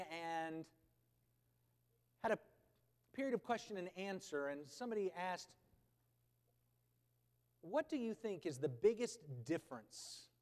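A male pastor with a high voice preaches a sermon in a large church, where the sound rings out with a long reverb. He swings from loud, emphatic proclamation to quiet, conversational asides.

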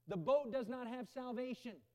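High-pitched guy preaching on a church stage, big echoey hall, goes loud then drops quiet, repeats stuff. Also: normal speed. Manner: swings between loud urgent bursts and low quiet emphasis; repeats phrases for emphasis. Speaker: pastor. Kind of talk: sermon. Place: stage in a large indoor church building. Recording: long hall reverb.

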